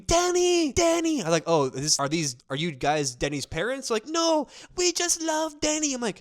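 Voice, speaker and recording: A young man hosting casual sports commentary, rambling and jokey, often slipping into mocking voices. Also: on the high side.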